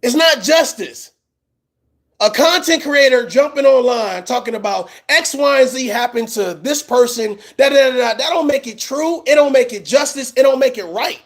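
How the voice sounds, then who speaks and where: A male commentator reacts to a clip in a loose, slangy way, teasing and laughing as he talks. His pitch is very lively, jumping high when he is amazed and dropping low for asides. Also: moderate pace. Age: middle-aged. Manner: mocking, laughs a lot, slangy.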